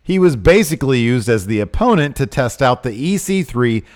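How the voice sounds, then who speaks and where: Getting animated and exasperated, this wrestling podcast co-host works himself up as he talks. His voice is medium-pitched and moderately paced, and the show is casual.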